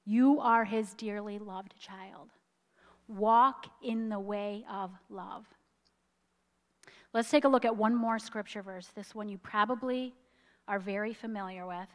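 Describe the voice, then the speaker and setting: A woman preaching a sermon, telling a story with emphasis and slowing down on key lines, at times choked up with emotion. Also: mid-range voice, steady tone, long reverb tail.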